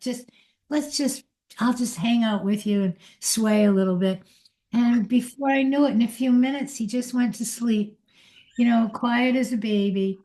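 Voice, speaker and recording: Older woman, spiritual teacher, mellow warm voice, gentle, reflective, unhurried inspirational talk. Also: fairly high pitch.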